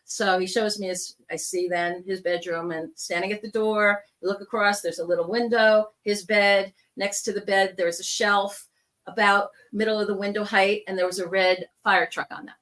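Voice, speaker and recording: A woman speaks in a bright, forceful voice as she tells her stories. She acts out the people in them as she goes, in a casual, chatty way. She sounds like a guest on a video call. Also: medium pitch, steady tone, normal speed. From New York. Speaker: guest, psychic medium. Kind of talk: casual storytelling interview.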